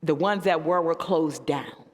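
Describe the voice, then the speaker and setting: A woman pastor speaking on a discussion panel, telling stories with emphatic swings in her voice. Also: unhurried. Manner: animated storyteller with emphatic pitch swings. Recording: echoey church hall.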